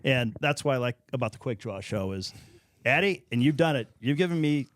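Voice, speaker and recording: A man's voice: medium pitch, expressive, fairly quick, fairly bright tone. A man in his fifties from Nebraska, a comedian guest, telling rambling, self-deprecating stories in casual chat.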